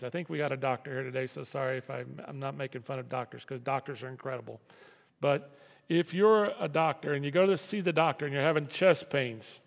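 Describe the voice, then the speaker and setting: A man's voice: on the high side, creaky. A man preaching a sermon as pastor, talking in a conversational way that repeats and restarts phrases. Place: church sanctuary. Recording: long reverb of a hall.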